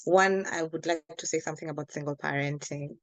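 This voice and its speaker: A woman panelist speaking in a gentle, reassuring way. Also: deep voice, fairly even intonation, fairly quick, dry recording, rough recording. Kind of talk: panel talk.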